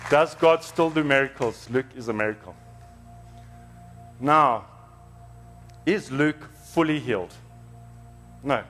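A man preaches in a church, telling testimony stories in an earnest, conversational tone. His voice sits at an ordinary pitch and turns emotional as he speaks, with soft music faintly underneath. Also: takes it slowly, long pauses. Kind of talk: storytelling sermon.

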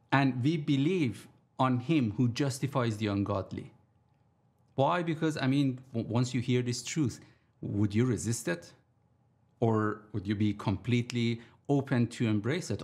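Male preacher, unhurried teaching sermon, mid-pitched, repeats key lines for weight. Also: darkish tone. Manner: deliberate, repeats key points for emphasis. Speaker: Bible teacher.

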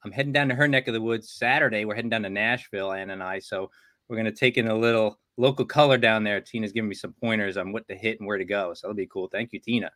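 A man's voice: lowish voice, fast talker, a bit bright, no room sound, clean studio sound. A man co-hosting a networking livestream, chatting casually, joking and greeting viewers by name. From New York. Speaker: co-host, regional director of a networking group.

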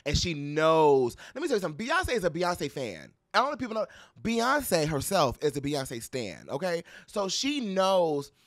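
A young adult man giving playful, sassy pop culture commentary to camera, dramatic and full of mock quotes and quick laughs. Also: a little high, no echo, clean studio sound. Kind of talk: animated casual commentary to camera.

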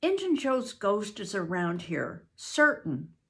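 A woman's voice: mid-range voice, very animated, slow, a bit bright, husky, heavily acted. Grandma doing a jumpy, superstitious boy. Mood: scared. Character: superstitious ragged boy, easily frightened.

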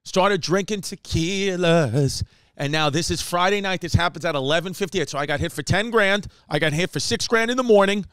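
A man, a comedian and podcast host, spins a rapid, run-on story, animatedly acting out its characters and their lines. He has a high-pitched, clear, resonant voice, recorded as clean studio sound with no room noise.

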